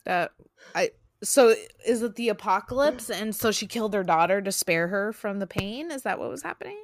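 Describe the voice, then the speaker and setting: A woman's voice: mid-range voice, lively intonation, moderate pace. A woman chatting casually and reading short horror stories aloud, giggling and tripping over her words.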